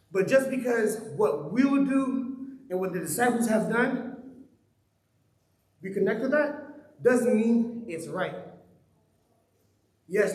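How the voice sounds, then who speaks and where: A man's voice: sits high, darkish tone, roomy sound, poor audio. A man preaching a sermon in a conversational way, asking his listeners question after question. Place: church hall.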